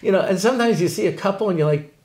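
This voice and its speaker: A man's voice: high-pitched, rapid-fire. A man, a rabbi and Torah teacher, telling stories in an interview with lots of jokes and laughter. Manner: joking, animated, laughs often. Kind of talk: humorous interview talk.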